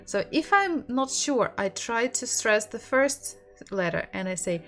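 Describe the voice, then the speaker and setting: A woman's voice: on the high side, lively intonation, measured pace, a bit bright, faint music behind. A woman with a Russian accent teaching an online language lesson, patiently repeating words for learners.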